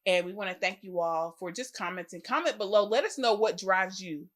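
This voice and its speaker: A woman's voice: medium pitch, fairly quick. A young adult woman chats casually as a podcast co-host. She tells stories animatedly, acting out quoted voices with bursts of laughter. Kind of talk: casual chat.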